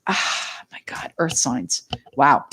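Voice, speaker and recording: A middle-aged woman giving a live tarot reading, excitable and chatty, talking straight to her viewers and greeting them by name. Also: very deep voice, slow, breathy edge. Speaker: tarot reader.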